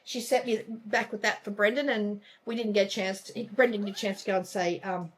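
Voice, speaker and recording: A woman's voice: medium pitch, fairly even intonation, fairly quick, slight background noise. A woman co-hosting a casual crafting chat, gushing and chatty, often trailing off mid-sentence. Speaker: co-host of a cross-stitch channel.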